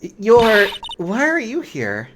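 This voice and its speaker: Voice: medium pitch, huge pitch swings, takes it slowly, heavy background noise, voice pushed up. A streamer voicing a nervous young female defense lawyer, in a hesitant, polite manner. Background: game music.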